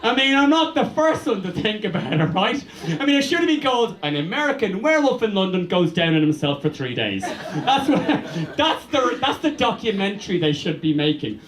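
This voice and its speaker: A man's voice: high voice, a little fast. A man doing a crude, rambling stand-up comedy set on a club stage. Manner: crude, rambling, animated with mock voices. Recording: echoey club room.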